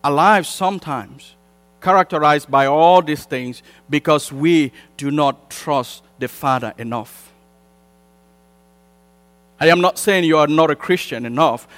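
A man with a high voice preaches to a congregation, building his points through repetition and pushing them out in emphatic surges. English is not his first language. His voice rings through a church hall with a long tail of reverb, and mains hum runs underneath. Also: a bit bright. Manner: emphatic, repetitive preaching cadence with rising bursts. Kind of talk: sermon.

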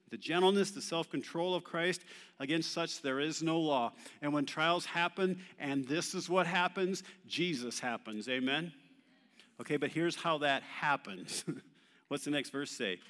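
A pastor with a slightly bright, high-leaning male voice preaches a sermon in a church hall, putting questions to the congregation and having them answer back. The recording carries a long hall reverb.

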